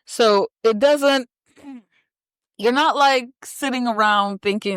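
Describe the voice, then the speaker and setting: A woman's voice: a little high, slow pace, long pauses, clear, resonant tone, dry recording, clean studio sound. A young woman hosting a casual podcast, chatty and teasing, bossing her co-host around between fillers.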